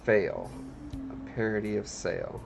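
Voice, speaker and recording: A man's voice: on the low side, sing-song, slow pace, creaky, faint music behind. A man hosting a livestream, chatting casually and joking with viewers. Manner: joking, wry, talks to chat viewers. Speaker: livestream host, artist.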